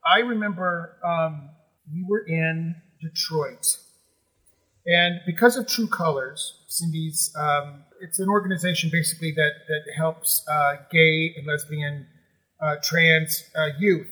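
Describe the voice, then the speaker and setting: A middle-aged man, a musical theater actor, telling emotional stories as a guest, animated and full of restarts. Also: a little high, measured pace, low-quality recording. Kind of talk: conversational storytelling.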